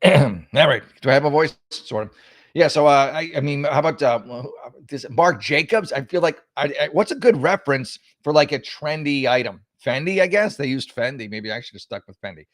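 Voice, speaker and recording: A man's voice: fairly high pitch, expressive, normal speed, dry recording, clean studio sound. A male talk show host giving casual political commentary in a sarcastic, mocking, rambling way with many restarts.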